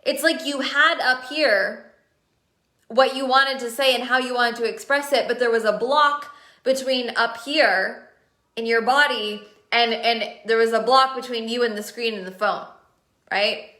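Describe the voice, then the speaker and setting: Bright, eager woman coaching live. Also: a little high, steady tone, moderate pace. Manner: enthusiastic, repeats words for emphasis, asks viewers questions. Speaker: business coach running masterminds. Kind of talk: live-stream coaching talk. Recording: roomy echo.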